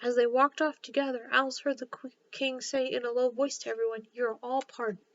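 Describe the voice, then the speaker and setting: A woman reads a children's story aloud in a gentle, steady narrating voice that sits fairly high. The recording is a little dull and lo-fi. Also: fairly quick, no echo.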